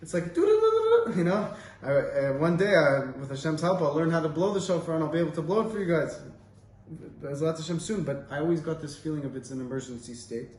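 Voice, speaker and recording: A man's voice: on the high side, quick pace, a little mellow. A man giving an informal Torah talk, telling stories in a casual, rambling way with many fillers. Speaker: Torah teacher. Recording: roomy, distant mic, faint ambience.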